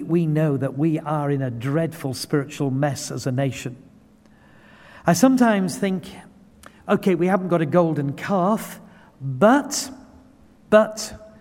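A man's voice: on the high side, a little mellow. A man preaching a sermon, earnest and building to impassioned pleading. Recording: long hall reverb.

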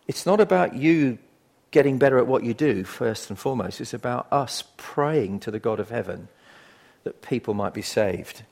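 Gravelly older male preacher. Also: mid-range voice. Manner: conversational, emphatic, swings from quiet asides to loud bursts. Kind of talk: sermon.

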